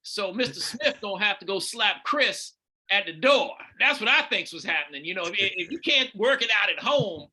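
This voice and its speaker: Male panelist, casual joker, high and bright tone. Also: expressive. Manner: joking, halting restarts. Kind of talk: casual chat.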